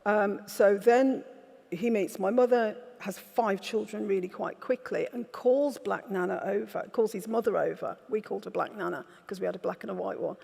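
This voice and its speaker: A woman's voice: medium pitch, normal speed, gravelly, a little mellow, breathy edge. A woman, an author telling candid, wry stories in an onstage festival conversation. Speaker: author guest. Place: festival event stage. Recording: reverberant festival hall.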